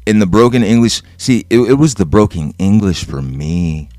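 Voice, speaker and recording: Profane ranting man, deep voice. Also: expressive, normal speed, a little mellow, no echo, studio quality. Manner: profane, sarcastic, heated. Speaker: podcast host. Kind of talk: ranting monologue.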